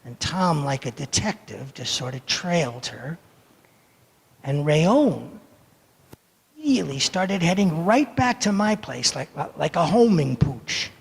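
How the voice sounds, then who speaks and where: A man in his seventies from the United States telling a story for all ages in a service, animated and playful as he acts out the moments. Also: fairly high pitch, unhurried, gravelly. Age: 70s. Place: sanctuary. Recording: echoey hall reverb.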